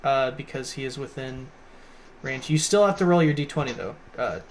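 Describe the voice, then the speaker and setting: A man's voice: medium pitch, animated, moderate pace, a little hiss or hum. A man acting as game master, casually narrating a tabletop game and laughing often as he checks rules. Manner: laid-back, laughs often, rule checks mid-sentence.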